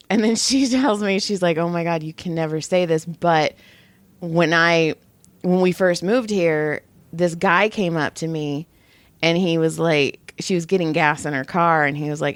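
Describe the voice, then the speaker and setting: A woman's voice: fairly low pitch, moderate pace, no room sound. A woman co-hosting a podcast, telling a story in casual chat and acting out the quotes with a laugh now and then. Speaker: podcast co-host and massage therapist. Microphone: podcast microphone.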